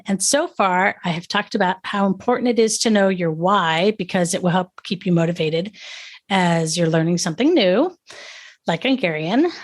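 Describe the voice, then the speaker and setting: A woman hosting a language-learning podcast, upbeat and encouraging in a casual chatty way. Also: mid-range voice. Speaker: podcast host.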